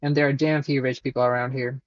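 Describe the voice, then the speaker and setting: A man reading out the lines of a rude, hungry man who guards his dog in a game, curt and gruff, in slightly dull lo-fi audio. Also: medium pitch, flat delivery, fast talker, no echo, lightly acted.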